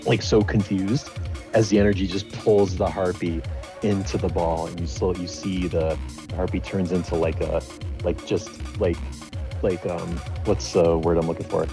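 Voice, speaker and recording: A man's voice: sits low, little pitch movement, moderate pace, over music. A man narrating as game master of a tabletop game, rambling with many fillers.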